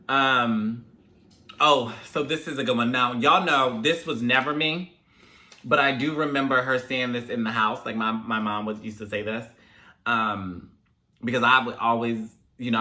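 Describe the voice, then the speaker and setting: A young man hosting a casual talk video, telling animated stories about growing up in African American English. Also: mid-range voice, measured pace, long pauses. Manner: chatty, animated when telling parent stories. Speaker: host. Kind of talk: casual chat, storytelling to viewers.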